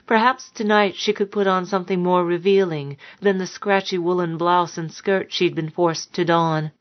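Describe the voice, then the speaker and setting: A woman narrating a dark story in a measured, somber way, on a dull lo-fi recording. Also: fairly low pitch. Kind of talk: audiobook narration.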